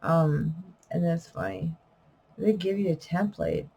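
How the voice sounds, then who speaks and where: Low-pitched, creaky and mellow yet expressive, this middle-aged vlogger and self-published poet speaks unhurriedly to camera in an unedited video. She rambles, trails off into fillers and self-corrections, and wheezes and coughs, all on a low-quality recording with slight hiss or hum.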